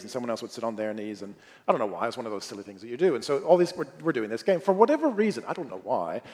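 A man preaching a sermon through a personal story, animated, moving between loud bursts and hushed, quiet lines. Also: medium pitch. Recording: long hall reverb.

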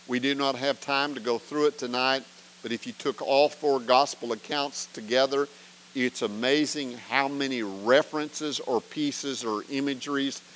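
A man's voice: medium pitch, slight background noise, rough recording. Earnest man teaching a Bible study. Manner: earnest, emphatic, asks rhetorical questions.

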